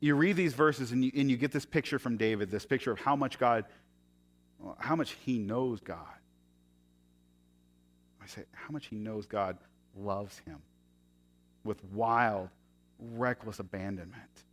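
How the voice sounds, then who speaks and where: Preaching man with loud and soft swings. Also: mid-range voice, measured pace, long pauses. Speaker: pastor. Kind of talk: sermon.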